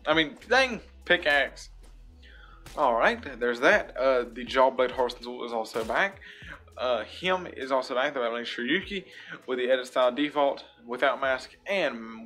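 A man's voice: medium pitch, bright, forceful tone. A man hosting a casual gaming video at home, reviewing in-game shop items in a rambling, upbeat way and repeating his praise often. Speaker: gaming YouTuber host. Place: home room.

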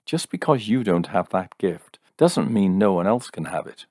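A man's voice: deep voice, animated, normal speed, a little mellow, dry recording, studio quality. A man reading a story, voicing a defiant, argumentative young woman who believes in psychics. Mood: insistent. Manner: argumentative, sarcastic.

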